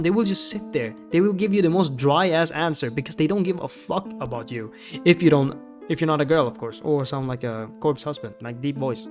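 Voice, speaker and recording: A man with a fairly high voice rants in a loose, rambling way, swearing freely and sounding fed up. He talks like a gaming YouTuber doing commentary, with faint music playing under him. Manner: rambling, profane, exasperated. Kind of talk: ranting commentary.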